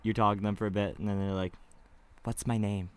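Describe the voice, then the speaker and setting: A man's voice: on the low side, little pitch movement, fast, smooth. A young man on a podcast cracking dry, absurd jokes in casual chat. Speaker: podcast co-host.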